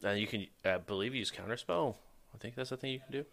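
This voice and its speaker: A man's voice: mid-range voice, fast talker, vocal fry, a bit bright. A man narrating as the game master of a tabletop role-playing game, teasing his player and laughing often.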